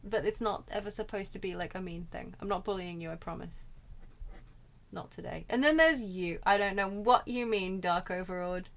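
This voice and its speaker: A woman's voice: medium pitch, normal speed, slight background noise. A woman streaming a game, chatting casually in a playful, teasing way. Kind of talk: casual let's-play chat.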